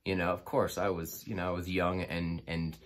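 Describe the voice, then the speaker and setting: Deep-voiced man rambling through a story. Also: flat delivery, normal speed. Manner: rambling, many fillers and restarts. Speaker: angler telling a personal story. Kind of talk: casual first-person storytelling.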